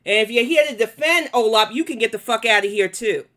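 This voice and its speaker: Woman host with a New York accent, slightly high voice, blunt and cussing, live commentary. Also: lively intonation, brisk, sharp tone. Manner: blunt, profane, confrontational. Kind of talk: live commentary and chat replies.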